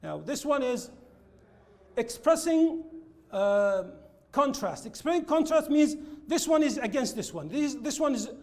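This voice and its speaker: A man teaching an English lesson, explaining linking words slowly and repeating his examples. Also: very high-pitched, very animated, a little mellow. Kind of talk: classroom lesson with slides.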